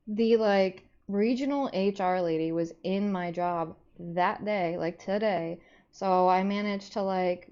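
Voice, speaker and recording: A young woman streaming live and chatting casually with her viewers. She rambles through her stories in a middle-pitched voice full of "like" fillers. The audio sounds slightly dull and lo-fi. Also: warm tone. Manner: bursts into high squeaky greetings to chat.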